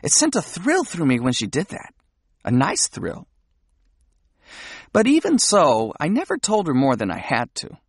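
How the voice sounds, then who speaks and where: An audiobook narrator with a husky, gravelly voice tells the story in an intimate first-person way. The pitch moves a lot from line to line. The sound is dry and close. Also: huge pitch swings, a little slow, long pauses, no room sound.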